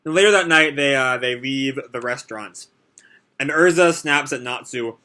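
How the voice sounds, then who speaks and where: This young man's mid-range voice sounds pushed and bright, moving at a moderate pace. He's running a live manga reaction, reading and commenting in a relaxed, meandering way full of fillers.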